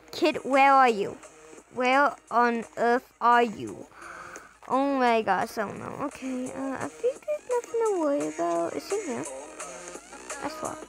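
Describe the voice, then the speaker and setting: A woman's voice: sits high, gravelly, fairly bright tone, poor audio. A young woman playing a game and talking aloud as she plays, chatty, repeating words in bursts with sudden yelps. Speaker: gamer playing a parent role. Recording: game music playing behind.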